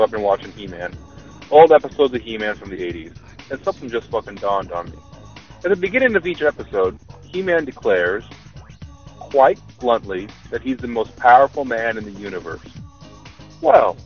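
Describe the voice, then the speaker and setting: A man ranting profanely in a voicemail message to a podcast. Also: medium pitch. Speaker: voicemail caller. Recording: muffled voicemail recording.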